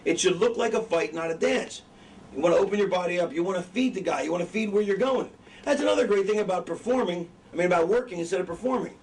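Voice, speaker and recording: A man's voice: high voice, quick pace, a little mellow. A middle-aged man and wrestling trainer teaching in a casual, profane, rambling way, often losing his train of thought. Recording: distant mic, faint background noise.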